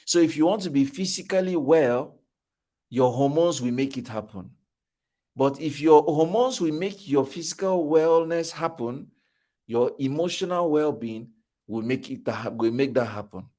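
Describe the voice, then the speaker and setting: A man's voice: fairly high pitch, measured pace, dark tone. A middle-aged man with a Nigerian accent giving a motivational talk at a fathers' conference, emphatic and repeating his key phrases like a preacher.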